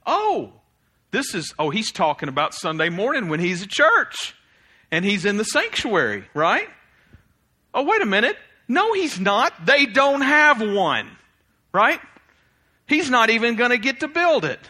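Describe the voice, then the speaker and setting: Male pastor, animated sermon delivery, bright and a touch high. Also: measured pace. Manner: animated, swings from loud exclamations to quiet reflection, laughs often.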